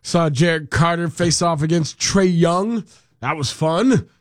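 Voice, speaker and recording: A man with a fairly high voice co-hosts a sports talk show in casual, joking banter. He drifts into quick, rambling asides. The studio sound is dry and close, with no room around it. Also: no echo. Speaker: sports radio co-host. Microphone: studio microphone.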